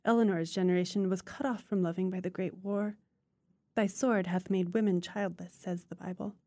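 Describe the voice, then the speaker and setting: A woman's voice: on the low side, steady tone, moderate pace, mellow, dry recording, clean studio sound. A woman reading the lines of a formal, opinionated elderly mother who pronounces judgments. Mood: grand.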